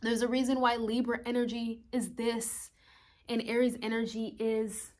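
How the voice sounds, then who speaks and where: A woman's voice: on the high side, level tone, moderate pace, darkish tone. A young woman astrologer talking casually in a vlog, rambling through rhetorical questions and swearing now and then.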